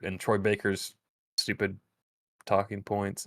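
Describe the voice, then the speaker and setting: A man's voice: on the low side, steady tone, a little fast, a bit bright, no room sound, studio quality. A man co-hosting a live stream, giving blunt, dismissive opinions on game trailers in casual chat. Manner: blunt and dismissive, many fillers. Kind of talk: casual gaming show chat.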